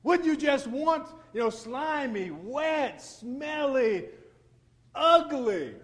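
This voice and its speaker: A man preaching a sermon, retelling scripture with vivid, animated storytelling and frequent repetition. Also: high-pitched.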